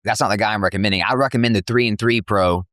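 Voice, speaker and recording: A man, an MMA promotion CEO, telling stories in a casual interview with animated slang and lots of fillers. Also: fairly low pitch, dry recording, clean studio sound. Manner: fast, animated storytelling with slang and filler words. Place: cafe.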